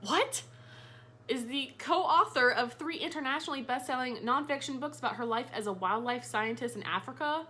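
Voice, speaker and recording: A young woman chatting casually to camera in a home room as a book vlogger, animated and swearing freely. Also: high-pitched, normal speed, husky.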